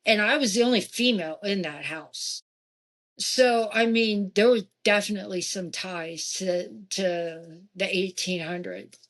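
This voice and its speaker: A woman, probably in her forties, casually recounting her experiences in a haunted house, animated and lively when she quotes other people. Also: measured pace. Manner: animated, jumping in pitch for quoted voices. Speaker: guest. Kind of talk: casual storytelling.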